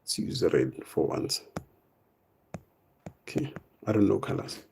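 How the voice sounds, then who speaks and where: A young man teaching math in a live online exam revision lesson, casual and step by step, often tagging on "right?" and "boom". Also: expressive, measured pace, gravelly, darkish tone, a little hiss or hum. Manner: explains step by step, coaxing students.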